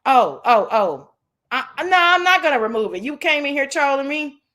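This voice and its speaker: A woman's voice: high voice, moderate pace. A woman hosting a casual livestream chat, brash and profane, telling stories with lots of energy. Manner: brash, profane, animated storytelling. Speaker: livestream host.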